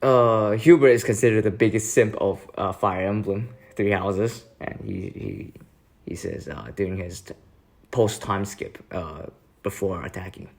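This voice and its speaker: A man's voice: on the low side, measured pace, creaky, a little mellow. A young man chatting casually as a vlogger, hesitant and laughing often. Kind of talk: casual chat.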